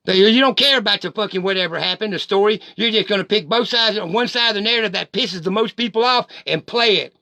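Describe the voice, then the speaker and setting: A man's voice: high voice, fast, creaky, hardly any pauses, bright, forceful tone, no room sound. A middle-aged man, delivering a heated, profane rant straight at the camera. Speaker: vlogger. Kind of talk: angry direct-to-camera rant.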